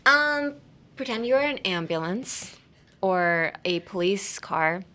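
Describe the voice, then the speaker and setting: A woman's voice: mid-range voice, animated, slow, bright, forceful tone. Giggly, chatty woman podcast host. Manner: chatty and playful, giggling often, with many fillers. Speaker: podcast host teaching English. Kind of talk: casual language-lesson podcast.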